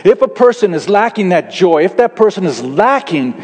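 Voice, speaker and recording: A man delivers a sermon in a noticeably high voice, leaning hard on key words to drive home his points. His voice rings out with a long reverb, as in a large church hall. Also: big pitch swings, normal speed, a little mellow, breathy edge. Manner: emphatic preaching, stressing key words. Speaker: pastor.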